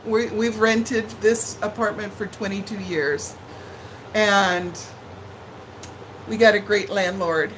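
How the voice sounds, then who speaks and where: Taking it slowly with long pauses, this middle-aged cooking host chats on a casual home livestream from her living room, singing hellos to viewers by name. Her medium-pitched, fairly bright voice has fairly even intonation, and the audio is poor with slight background noise.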